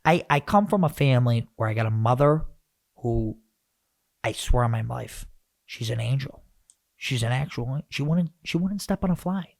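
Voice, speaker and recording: A man hosting a podcast, rambling and animated as he rants, with lots of restarts. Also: mid-range voice, moderate pace, creaky, no room sound, clean studio sound. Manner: animated, rambling, self-interrupting. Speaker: podcast host. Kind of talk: casual podcast rant.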